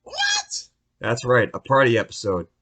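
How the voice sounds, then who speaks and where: A young man ranting on his solo podcast in a profane, rambling, excitable way. His voice sits fairly high, with a bright, forceful edge. His pitch swings widely and often. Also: normal speed. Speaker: podcast host.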